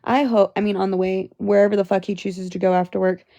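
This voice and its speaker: A woman's voice: medium pitch, level tone, fast talker, gravelly, warm tone, no echo, lo-fi sound. A young woman livestreaming from her phone, venting angrily and with a lot of profanity. She talks to her chat and sounds exhausted.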